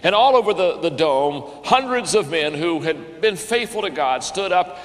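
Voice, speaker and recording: A man's voice: fairly high pitch, expressive, normal speed. An older man preaching as a pastor, telling a story in an earnest manner and repeating phrases when stirred. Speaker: pastor and leadership speaker. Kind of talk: storytelling sermon talk. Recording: long hall reverb.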